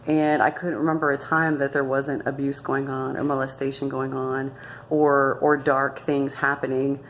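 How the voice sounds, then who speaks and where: A woman's voice: extremely low pitch, little pitch movement, normal speed, slight background noise. A young woman earnestly telling her own life story to camera, emphatic and often restarting her sentences. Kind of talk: candid personal testimony.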